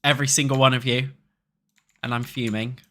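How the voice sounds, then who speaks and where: A young man with a British accent talks loosely to his viewers as he plays, rambling and cursing between tasks. His voice is bright and sits at an ordinary middle pitch, close on a desk mic. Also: flat delivery, brisk. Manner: chatty, swears freely, talks to chat. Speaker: streamer. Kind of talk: casual chat while playing a building game.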